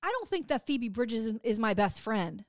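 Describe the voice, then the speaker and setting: Woman, middle-aged, high-pitched, animated, swears a lot, casual podcast chat, dry sound. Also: normal speed, dry recording. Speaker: podcast co-host.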